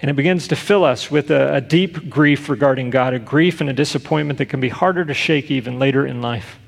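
Gravelly preaching man in a reverberant hall. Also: mid-range voice, a little fast. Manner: earnest, rhetorical questions, rises to loud emphasis. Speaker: pastor. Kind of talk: sermon.

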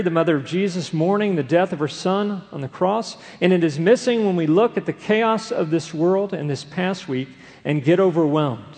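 A man's voice: fairly high pitch, darkish tone. A man delivering an earnest, emphatic sermon as a pastor, repeating key phrases for weight. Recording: long reverb of a large hall.

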